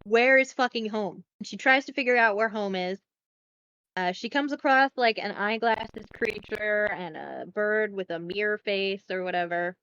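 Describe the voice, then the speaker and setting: Woman, podcast host, casual recap, profane and chatty, smooth voice, slightly dull close mic. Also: mid-range voice, normal speed, no room sound. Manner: chatty, profane, animated retelling.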